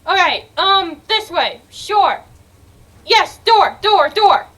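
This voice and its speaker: A young woman giving let's-play commentary on a game, excitable, swearing freely and yelling and laughing as she plays. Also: extremely high pitch, takes it slowly. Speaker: gaming video creator.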